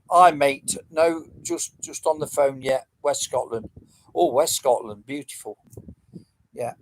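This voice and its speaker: A man's voice: a little high, slight background noise, low-quality recording. A middle-aged man, rambling casually as he hosts a livestream quiz and chats with viewers. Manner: chatty, rambling, answering comments.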